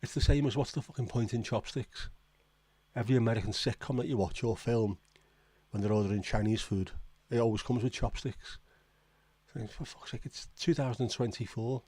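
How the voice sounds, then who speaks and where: A man's voice: mid-range voice, moderate pace, mellow, slightly rough, dry recording. A man hosting a casual livestream, reading out viewer comments and reacting with blunt, swearing disbelief. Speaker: livestream host.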